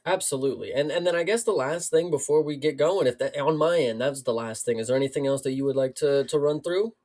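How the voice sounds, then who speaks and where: A man's voice: a little high, fast, darkish tone. A man co-hosting a casual sports talk show, rambling with lots of fillers and restarts. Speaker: podcast co-host. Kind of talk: casual chat.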